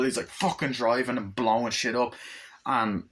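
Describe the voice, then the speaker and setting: A man casually reviewing an action movie, rambling with excitement and swearing a lot. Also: mid-range voice, normal speed. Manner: excited, profane, rambling, acts out scenes.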